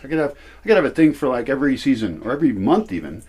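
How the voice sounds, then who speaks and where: Rambling man with a lively voice. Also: medium pitch, quick pace, slightly rough. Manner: rambling, self-correcting. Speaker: vlogger feeding dogs. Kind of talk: casual vlog narration. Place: outdoors at night among dogs. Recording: noisy outdoor recording. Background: dogs barking and moving about.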